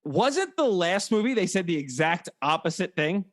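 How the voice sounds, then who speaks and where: A man with a notably high voice co-hosts a casual podcast about movies. He talks in a joking way and often slips into mock voices to quote scenes. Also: big pitch swings, normal speed. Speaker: podcast co-host.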